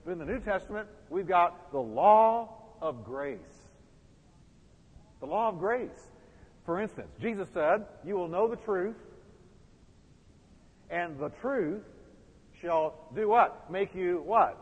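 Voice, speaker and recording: A man's voice: sits high, lively intonation, slow, long pauses, husky, in a large hall, highs cut off. A man preaching a sermon as pastor, building emphasis and putting questions to the congregation.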